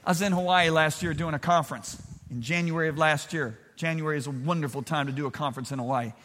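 A male preacher with a high, bright, forceful voice delivers an emphatic sermon. He calls on the congregation to answer him aloud. He swings from shouting to quiet storytelling. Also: animated, quick pace, in a large hall.

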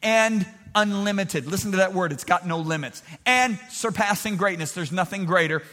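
Guy preaching hard, kinda high voice, gets everyone to shout back at him. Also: moderate pace, long reverb tail. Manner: emphatic, calls on the congregation to respond aloud; swings between loud shouting and quiet storytelling. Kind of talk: sermon.

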